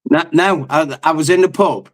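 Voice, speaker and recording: A blunt, foul-mouthed man rants as a fan on a live football panel. His voice sits fairly high for a man, and he tells stories with plenty of swearing. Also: normal speed. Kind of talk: heated fan call-in rant.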